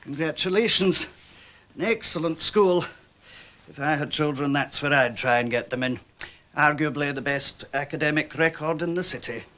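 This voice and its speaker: A man's voice: a little high, moderate pace, sharp tone. A courteous salesman. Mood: polite. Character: polite, flattering shop salesman. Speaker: school outfitter salesman. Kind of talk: television drama acting.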